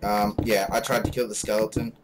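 A man's voice: on the low side, flat delivery, brisk. A young man rambling through casual game commentary, with lots of fillers and self-mocking asides. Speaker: gaming channel host. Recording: loud background noise, mouse clicks.

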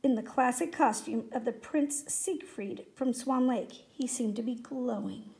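A woman reading a children's story aloud in a steady, expressive way. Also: on the high side, unhurried, gravelly. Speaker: reader.

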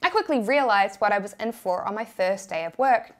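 A woman's voice: medium pitch, expressive, fairly quick. A young woman with a New Zealand accent narrating a personal story with candid, self-deprecating humor.

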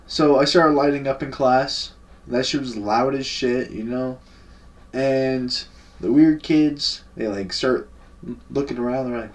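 A young man recounts a story in casual vlog style, loose and full of slang and profanity. His voice sits at an ordinary pitch for a man. He is recorded from a little distance away from the microphone. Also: a little slow. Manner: laid-back, slangy and profane. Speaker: vlogger. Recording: voice a bit far from the mic.

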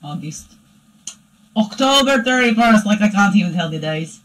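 A woman voicing her own playful alter-ego dark side, giving a rambling, chatty spiritual reading that keeps asking "right?". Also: mid-range voice, expressive, normal speed, lightly acted, low-quality recording. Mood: musing. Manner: rambling and chatty, tagging "right?" onto lines. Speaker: spiritual reader. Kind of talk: spiritual daily energy reading.

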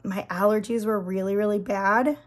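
A woman in her thirties with a hoarse, scratchy voice that drops into whispers, chatting and gushing while doing her nails. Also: medium pitch, fairly even intonation, normal speed. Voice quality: breaks into whispers. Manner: chatty, gushing, many fillers. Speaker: nail vlogger. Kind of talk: casual chat while doing a manicure.

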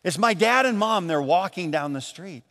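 A man from Michigan preaching a sermon as pastor, telling a story in a lively, animated way and acting out the voices in it. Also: high-pitched, moderate pace, long reverb tail. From Michigan, USA. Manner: storytelling, animated, acts out calls and quotes. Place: church.

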